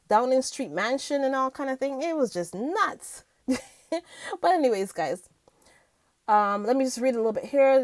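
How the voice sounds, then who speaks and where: A woman's voice: a little high, no room sound. A woman vlogger chatting casually to her viewers about the news, giggling often and filling her talk with ums. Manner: chatty, giggly, lots of fillers.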